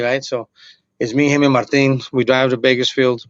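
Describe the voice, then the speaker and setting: A man's voice: mid-range voice, brisk, dry recording. A man in his forties, a comedian guest, telling a story in casual chat and acting out what people said. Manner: animated, acts out quoted lines. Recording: muffled lo-fi, dry.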